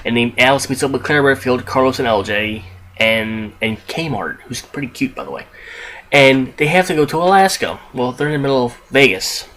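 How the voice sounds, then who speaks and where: A man's voice: mid-range voice, lively intonation, normal speed, a bit bright. A young man casually reviewing a film on his podcast, rambling with frequent restarts, asides and casual swearing. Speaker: movie reviewer, podcast host.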